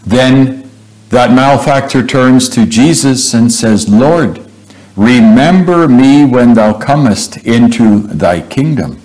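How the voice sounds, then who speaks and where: Male preacher, unhurried sermon, lots of pauses and "oh"s. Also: medium pitch, darkish tone, rough recording. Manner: slow and deliberate, with frequent "uh" pauses and "oh" exclamations.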